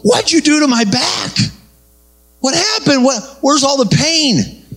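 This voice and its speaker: A man voicing a stoner man who was just healed, high-pitched, choked up and pleading. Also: very animated, takes it slowly, a bit bright, heavily acted. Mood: astonished.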